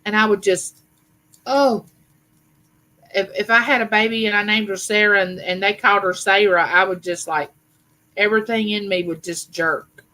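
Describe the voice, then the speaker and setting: A woman, hosting a casual live chat and rambling warmly with fillers and restarts. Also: medium pitch, normal speed, low-quality recording. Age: 50s. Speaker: livestream host. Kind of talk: casual live chat reading viewer comments.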